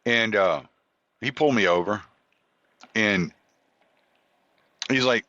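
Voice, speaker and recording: A man's voice: lowish voice, normal speed, long pauses, sharp tone, no room sound. A man hosting a podcast, telling a rambling, profane personal story full of restarts and quoted dialogue. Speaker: podcast host. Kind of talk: casual storytelling monologue. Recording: dull lo-fi dry recording.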